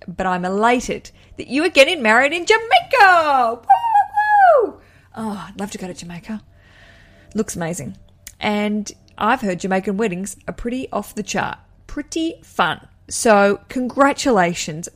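A young Australian woman hosting a wedding podcast, giving a listener chatty, enthusiastic advice with rambling asides. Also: mid-range voice. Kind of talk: casual advice chat.

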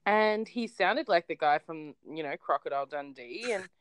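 A woman with an Australian accent, co-hosting a casual podcast chat and telling lively stories with frequent laughs. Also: deep voice, normal speed, smooth. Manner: animated storyteller, laughs often. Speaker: podcast co-host.

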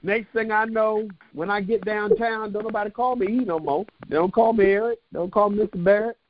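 A man's voice: high-pitched, fairly even intonation, fairly quick, highs cut off. A man preaching a sermon, telling stories in a folksy way, then building into rousing calls for the congregation to answer back.

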